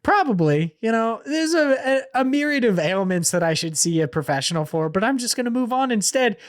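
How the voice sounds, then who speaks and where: A man's voice: extremely high pitch, expressive, a little fast, no echo, studio quality. A man co-hosting a podcast in casual chat, swearing a lot and ranting in a joking way. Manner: profane, ranting, jokey. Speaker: podcast co-host.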